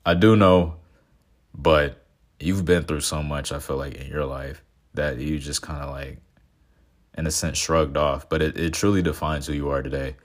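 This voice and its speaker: A man's voice: rumbling low, steady tone, normal speed. A twenty-year-old man in casual, reflective talk, earnest and sentimental, rambling with many fillers and restarts.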